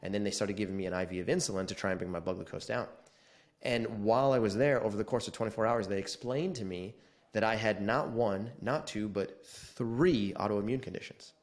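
A man in his forties, slightly low in pitch, talks through his story as a podcast guest. He is casual and animated, and he jumps into the quoted lines with some flair. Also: fairly quick. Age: 40s. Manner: animated, acts out quoted dialogue.

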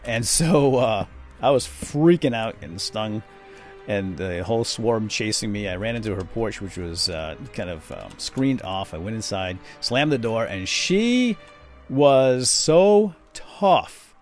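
A middle-aged man with a low voice chats his way through a game session and drifts into long, rambling stories along the way. His pitch swings widely from line to line. Faint music plays behind him. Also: sing-song, takes it slowly. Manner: chatty storyteller, rambling asides. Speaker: host. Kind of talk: casual let's-play commentary.

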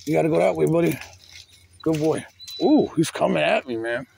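A man with a rough, gravelly voice talks a stuck turtle free by an outdoor fence. His pitch swings widely as he soothes and scolds the animal and swears now and then. A phone camera records him in faint outdoor noise. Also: expressive, normal speed, a little mellow. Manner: coaxing an animal, with sudden cursing. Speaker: turtle rescuer. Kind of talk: casual outdoor chatter. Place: outdoors by a chain-link fence. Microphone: phone camera held nearby.

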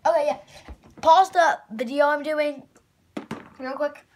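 A woman making a toy video who stops to talk casually and quickly to her viewers. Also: high voice, steady tone. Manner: quick, chatty explaining. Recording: noisy home recording.

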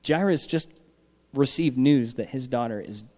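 A man's voice: mid-range voice, moderate pace, a little mellow, big-room sound. A man giving a sermon as pastor, talking conversationally and checking in with the congregation with frequent "all right?".

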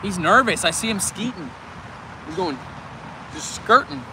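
A man chatting to viewers in a casual outdoor fishing vlog, excitable and talkative, recorded on a camera mic by a canal. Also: high voice, measured pace, creaky, noisy background. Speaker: fishing vlogger.

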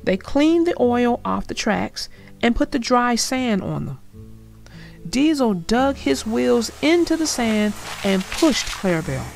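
A woman reading a children's story aloud with an expressive, gentle storybook delivery. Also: on the high side, unhurried, gravelly, faint music behind.

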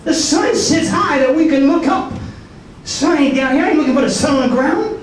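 A man who serves as a soldier speaks at normal speed in an extremely high, expressive voice, giving a colloquial testimony sermon at a prayer breakfast with repetitions and asides. He is heard from a distance in a very echoey hall, with faint noise.

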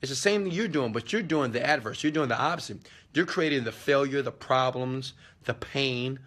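A man giving a live motivational talk to viewers, preaching with emphasis and checking in again and again. He throws rhetorical questions and slangy asides at his audience. His voice is bright and forceful. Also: medium pitch, normal speed.

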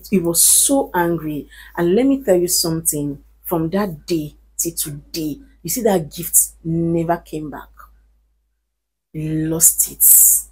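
Husky-voiced woman pleading earnestly. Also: lowish voice, takes it slowly, a little mellow. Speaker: vlogger. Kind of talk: casual advice talk to camera.

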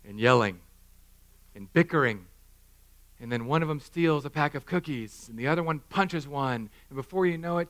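Pastor guy preaching, fairly high voice, jokey and animated, acts stuff out. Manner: animated, self-mocking, acts out scenes. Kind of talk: sermon. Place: church hall.

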